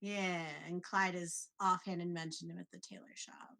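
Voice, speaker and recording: Woman player in a tabletop session, chatty and giggly, thinks aloud with halting fillers. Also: fairly low pitch, flat delivery, creaky, bright, forceful tone. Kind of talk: casual tabletop game chat.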